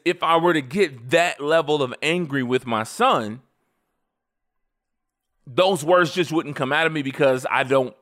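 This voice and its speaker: A man in his forties with a somewhat high-pitched voice, talking casually and telling stories at length. His delivery is animated and emphatic, full of slang, and he laughs often. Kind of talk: casual storytelling commentary.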